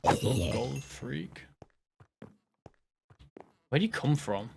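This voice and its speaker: Gravelly rambling man gaming. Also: medium pitch, very animated, drawn-out words, a little mellow, slight background noise. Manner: rambling, jokey, self-mocking, sometimes drops to a whisper. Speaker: gaming host. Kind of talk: casual gameplay commentary.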